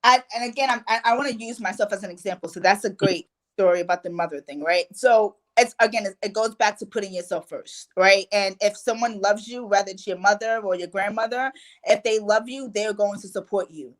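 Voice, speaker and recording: A woman's voice: mid-range voice, brisk. A young adult woman from New York, a guest life coach telling her story in a casual chat with lots of "you know" and "like".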